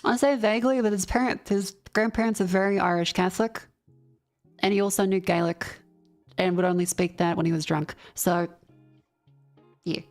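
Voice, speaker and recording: A woman's voice: medium pitch, steady tone, normal speed, long pauses, a little mellow, soft background music. Sweary Australian woman rambling on stream. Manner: rambling, sweary storytelling with mumbled asides. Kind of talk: casual chat with live chat.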